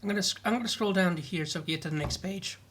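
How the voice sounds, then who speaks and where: A woman's voice: on the low side, very fast, fairly bright tone, a little hiss or hum. A woman reacting to a story reading in casual chat, swearing and laughing a lot. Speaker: author listening and reacting.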